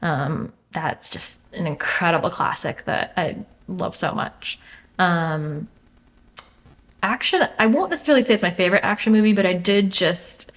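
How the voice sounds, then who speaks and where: A woman's voice: on the low side, moderate pace. A young adult woman chatting as an interview guest, thoughtful, with many fillers and restarts. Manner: thoughtful, frequent fillers and restarts, laughs easily. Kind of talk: casual interview chat.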